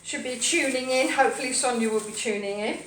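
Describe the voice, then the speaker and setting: Chatty lady cooking on a live stream, kinda high voice, sounds a bit far off in an echoey kitchen. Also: quick pace, a bit bright. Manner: rambling, cheerful, talks to her pets and viewers. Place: home kitchen, indoors. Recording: echoey kitchen, from a distance, faint hum.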